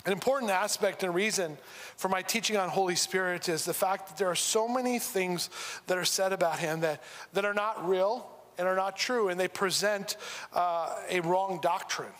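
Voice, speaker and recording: A high-pitched man preaching in a church hall with a long, ringing reverb. He talks loosely and with humor, stopping and restarting his sentences as he goes. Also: normal speed, a bit bright. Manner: conversational, humorous, with frequent restarts. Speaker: pastor. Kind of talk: sermon. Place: church sanctuary.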